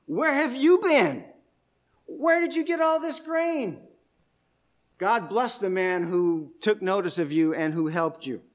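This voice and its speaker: A man's voice: high voice, a little slow, few pauses. A man voicing an elderly widow woman who exclaims in overjoyed, astonished questions during a sermon.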